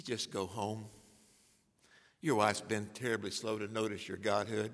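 An older man preaching a sermon as a pastor, telling humorous stories and swinging from hushed asides to loud declarations. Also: on the low side, little pitch movement, measured pace, long pauses. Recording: long hall reverb.

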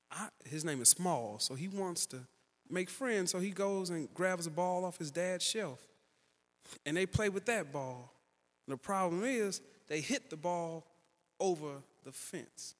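A man preaching a sermon, telling a story in an animated way and building louder and higher toward the peaks. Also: big-room sound.

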